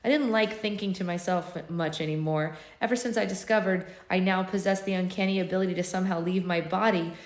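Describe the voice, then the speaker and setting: A woman with a hoarse, gravelly voice hosting a book club livestream, reading aloud and chatting in a playful, rambling way. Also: fairly low pitch. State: hoarse, losing her voice. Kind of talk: reading aloud and casual chat. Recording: roomy echo.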